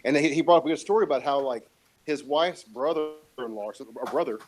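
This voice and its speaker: A man's voice: a little high, quick pace, low-quality recording. A man in casual chat, rambling and opinionated, with lots of fillers and swearing.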